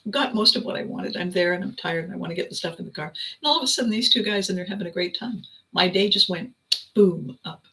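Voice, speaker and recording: A woman hosting a podcast, telling a story as an animated, laughing storyteller. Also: lowish voice, a little fast, rough recording. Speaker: podcast host. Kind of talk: reflective storytelling monologue.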